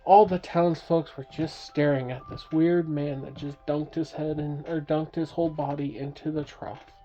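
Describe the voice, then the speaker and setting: A woman's voice: sits low, fairly even intonation, moderate pace, mellow. A woman telling a playful bedtime story, making sound effects and asking her listener questions. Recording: dull lo-fi recording.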